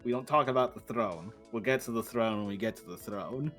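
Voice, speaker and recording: A man hosts a relaxed live stream, chatting with a guest and with his viewers. He laughs easily between remarks, and faint music plays in the background. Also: medium pitch, fairly quick. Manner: laughs often, talks to his chat. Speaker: streamer host. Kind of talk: casual stream chat.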